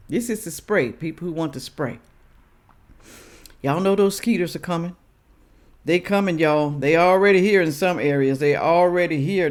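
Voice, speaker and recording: A woman hosting a reaction vlog, preaching emphatically to viewers and sniffly from sinus trouble. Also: sits low. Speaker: reaction channel host. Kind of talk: casual direct-to-camera commentary.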